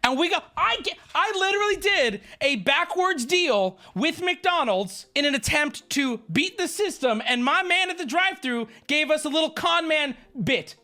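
A man's voice: extremely high pitch, expressive, normal speed, hardly any pauses, sharp tone. A man livestreaming, telling a story as a profane, sarcastic rant. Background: faint background music.

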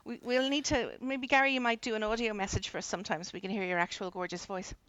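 A woman's voice: medium pitch, steady tone, quick pace, fairly bright tone, dry recording, muffled recording. A middle-aged woman, co-hosting a casual podcast chat and reading out listener emails, chatty and playfully teasing.

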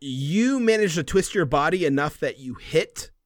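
Lively man running a tabletop game. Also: fairly high pitch, normal speed, dry recording, clean studio sound. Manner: animated, descriptive, laughing often. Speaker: game master.

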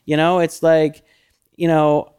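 A middle-aged man co-hosting a podcast, chatting casually with lots of fillers and animated when he quotes himself. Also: a little high, takes it slowly, clear, resonant tone. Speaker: podcast co-host. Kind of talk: casual chat.

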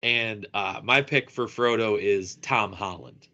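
A man talking in a casual podcast discussion with a bright, forward voice. He speaks haltingly, leaning on fillers as he works out his point. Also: fairly low pitch, muffled recording. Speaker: podcast co-host.

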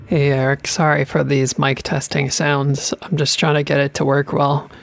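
A woman's voice: low-pitched, little pitch movement, normal speed, creaky, no echo. A woman on a podcast in casual chat, chatty and self-conscious, rambling about her own voice. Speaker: podcast cast member.

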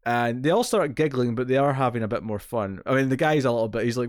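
This medium-pitched man talks quickly while co-hosting a podcast and recapping a TV episode in a casual conversation. He keeps restarting and using fillers as he rambles. The sound is dry and studio-clean.

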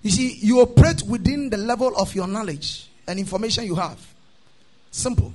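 A man preaching a sermon, chanting his lines in a sing-song cadence, calling the congregation to repeat after him, then dropping into a quieter teaching tone. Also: high voice, brisk. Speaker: pastor.

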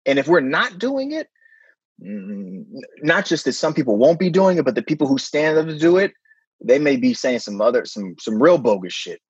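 A middle-aged-sounding man speaks with a husky, slightly breathy voice and an emphatic, animated rhythm, leaning on "man" and "right?" as he builds his points. He sounds close and dry, as if on a remote call with a dull, lo-fi sound. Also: mid-range voice, moderate pace, no echo. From San Francisco. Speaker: guest, middle school principal. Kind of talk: casual conversational interview.

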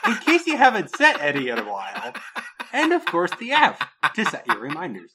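Man, podcast storyteller, husky bright voice, swooping pitch. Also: moderate pace. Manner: lively, laughs at his own story. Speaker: podcast co-host.

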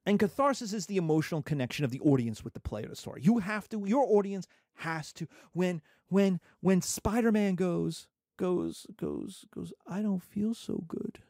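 A man in his fifties lectures a class in a high, very lively voice that swoops around constantly. He is jokey and digressive, and the sound is dry and close. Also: moderate pace, few pauses, no room sound. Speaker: teacher.

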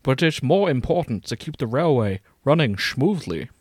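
A man's voice: medium pitch, very animated, moderate pace, husky, no room sound, studio quality. A man reading the part of a kindly older male steam engine in a comedy fan-fiction reading. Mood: calm. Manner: soothing, patient.

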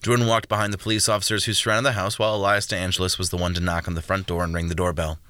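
A man narrating a storybook in a steady, even reading. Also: sits low, rapid-fire, no echo. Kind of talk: audiobook narration.

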